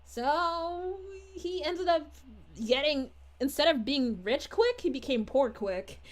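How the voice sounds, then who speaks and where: A sweet, bubbly young princess, as a woman plays her on a character livestream, chatting in a high, gushing voice. Her sing-song lines swoop up and down all over, full of giggles. She sounds delighted with everyone. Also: lively intonation, takes it slowly. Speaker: character streamer reading chat.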